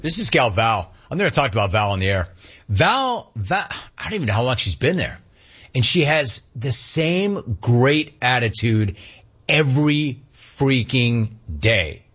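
A middle-aged man hosting a sports talk radio show, ranting in an animated, sarcastic way. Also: mid-range voice, unhurried, husky, muffled recording.

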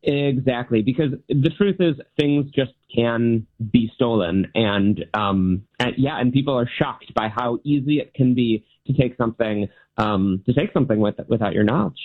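A man's voice: mid-range voice, normal speed, few pauses. Man on a tinny phone line. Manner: friendly, explanatory, light laughs. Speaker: magician guest. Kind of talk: interview answers.

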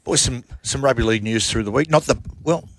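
A man's voice: medium pitch, no room sound. An Australian man hosting a morning sports radio show, chatting casually and rambling through his points. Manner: rambling, quick, self-interrupting.

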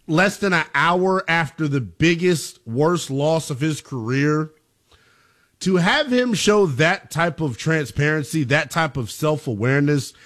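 A man's voice: a little high, a bit bright. A man hosting a sports talk radio show, emphatic and opinionated as he takes calls.

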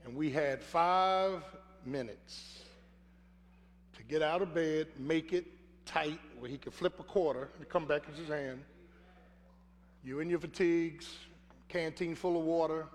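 An older man preaching a sermon, telling his own story earnestly with repeated phrases. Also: a little high. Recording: echoey hall, faint hum.

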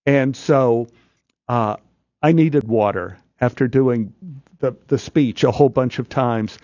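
A male actor guest telling an animated anecdote in a studio interview, stammering, restarting and acting out voices. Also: mid-range voice, takes it slowly, no room sound, lo-fi sound. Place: radio studio.

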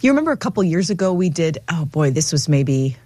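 Lively, chatty female radio host. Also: sits low, fast talker, dry recording. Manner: lively, chatty, laughs easily. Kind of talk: casual on-air chat.

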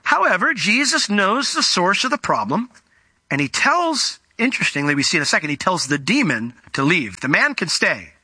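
A man preaching a sermon in an animated way, slowing down and speeding up as he tells a Bible story. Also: sits high, breathy edge, no echo. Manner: animated, acts out quoted voices, varies pace.

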